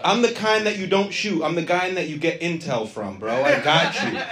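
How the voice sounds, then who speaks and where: A man's voice: fairly high pitch, normal speed. A man doing profane, brash crowd-work stand-up comedy on stage. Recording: live club audience. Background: crowd laughter.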